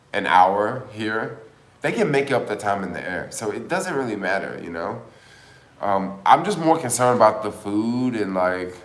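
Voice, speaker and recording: A man's voice: lowish voice, roomy sound. A man hosting a casual livestream, chatting and rambling with lots of filler words. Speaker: livestream host.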